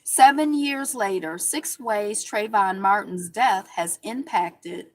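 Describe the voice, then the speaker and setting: A woman's voice: mid-range voice, slow. Lady host reading headlines n riffing, chatty and sarcastic. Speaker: show host. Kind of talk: casual news commentary.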